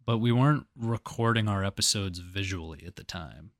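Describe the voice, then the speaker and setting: A man's voice: low-pitched, moderate pace, a bit bright, dry recording, clean studio sound. A young man co-hosting a podcast, telling crude jokey stories in casual chat. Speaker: podcast co-host.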